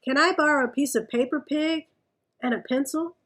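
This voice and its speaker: A woman reading a storybook aloud, voicing an eager, chatty young rabbit in a bright voice. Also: sits high, normal speed.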